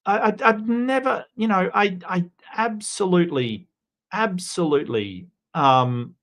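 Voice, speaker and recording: A man's voice: high voice, lively intonation, measured pace, a bit bright. An Australian man hosting a casual livestream, chatting loosely with many restarts and greeting viewers by name. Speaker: livestream host.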